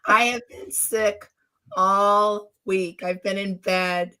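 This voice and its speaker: Squeaky, hoarse woman just over flu. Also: fairly even intonation, takes it slowly, bright, forceful tone. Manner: chatty and upbeat. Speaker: guest. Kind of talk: casual chat.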